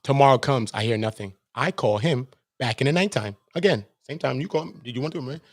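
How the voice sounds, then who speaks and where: A man's voice: mid-range voice, a little fast. A man from Brooklyn with a New York accent, hosting his own channel in a heated, profane rant, repeating himself and acting out what others said. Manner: animated, repetitive, profane, acts out quoted voices. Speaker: channel host.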